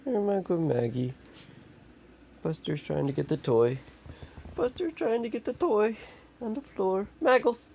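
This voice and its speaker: A man chatting to his pets in sing-song baby talk, his voice bouncing all over the place. He speaks slowly, with a gravelly, mellow tone, and a faint hiss sits behind him. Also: fairly high pitch, very animated. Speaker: pet owner.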